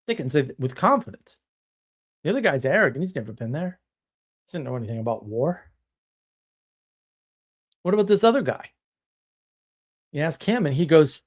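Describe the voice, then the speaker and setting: A man's voice: on the high side, expressive, a little fast, pauses often. A man hosting a live stream, talking bluntly and emphatically, now and then mimicking other people as he tells stories. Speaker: host.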